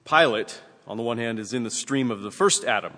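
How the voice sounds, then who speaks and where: A man preaching a sermon and reading scripture aloud, earnest and measured, with emphatic rises. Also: medium pitch, fairly bright tone, long reverb tail. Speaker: pastor.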